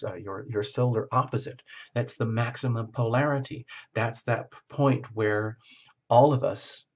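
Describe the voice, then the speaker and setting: A man's voice: fairly low pitch, muffled recording. A man giving a reflective spoken tarot reading, often checking in with the listener. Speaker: tarot reader.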